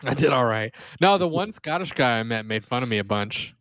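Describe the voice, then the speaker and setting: A man's voice: mid-range voice, expressive, fairly bright tone, clean tone, no room sound. A man co-hosting a podcast in casual banter, rambling and profane, on a close mic. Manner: profane, rambling, quick asides. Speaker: podcast co-host.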